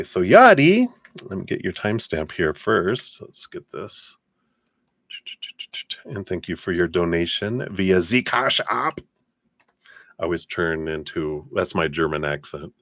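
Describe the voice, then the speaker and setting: Male tarot reader, very low voice, dry close sound, easygoing chatty delivery. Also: dry recording. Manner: relaxed, chatty, many fillers. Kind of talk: live-stream tarot reading.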